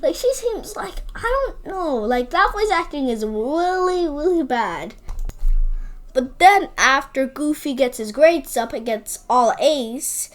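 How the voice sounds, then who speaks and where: A woman with a high voice that swoops all over her range talks through a movie review. She rambles and fills her sentences with "like." She repeats her points and gives blunt opinions. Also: expressive, slow, soft background music. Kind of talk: casual spoken movie review.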